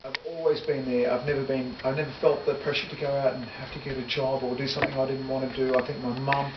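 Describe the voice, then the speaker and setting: Speaking fast at a medium pitch with little movement in his tone, this middle-aged musician reminisces casually for an interviewer. He wanders off track, catches and fixes his own words, and laughs readily, all captured on a distant, dull, echoey recording full of loud noise.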